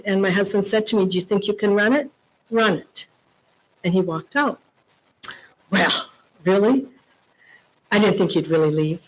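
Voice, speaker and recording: An older woman speaks to a conference crowd, telling stories from her working life with emphatic, repeated points. Her voice sits at a middle pitch. She comes from Lebanon. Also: low-quality recording. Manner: storytelling, emphatic, repeats key phrases. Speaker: keynote speaker. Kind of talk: motivational conference speech.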